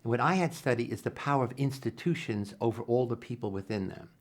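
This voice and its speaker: An older man, a psychologist, answering interview questions in an earnest, animated way, acting out quoted dialogue and often restarting his sentences. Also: medium pitch, fast. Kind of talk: reflective interview storytelling.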